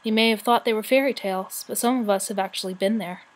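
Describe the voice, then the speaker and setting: A woman's voice: medium pitch, lightly acted, poor audio. A woman voicing a weary, wise, very old male dragon in a storybook reading. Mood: solemn. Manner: slow, solemn, grave.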